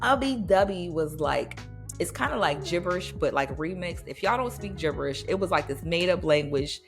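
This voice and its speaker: A woman's voice: lowish voice, lively intonation, normal speed, creaky, soft background music. A woman in her thirties hosting a podcast, chatting casually and laughing, often slipping into playful voices. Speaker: podcast host. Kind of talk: casual nostalgic podcast chat.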